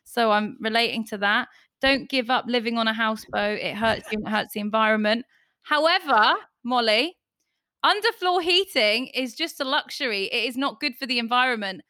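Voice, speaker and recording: Woman host, chatty storyteller, bright tone, dry close sound. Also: fairly high pitch, moderate pace, dry recording. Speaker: host and judge. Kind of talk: casual podcast chat.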